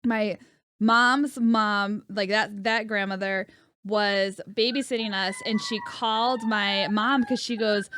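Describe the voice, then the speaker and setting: A woman co-hosting a podcast, chatting casually and telling animated stories with frequent laughter. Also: a little high, a little slow. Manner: laughs often, animated storytelling. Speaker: podcast co-host. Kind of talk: casual chat.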